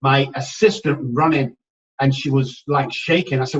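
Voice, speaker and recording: A man speaking as a recovery expert guest on a podcast, telling stories in an energetic, emphatic way and addressing listeners directly. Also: mid-range voice, moderate pace, far from the mic, muffled recording. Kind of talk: animated podcast storytelling.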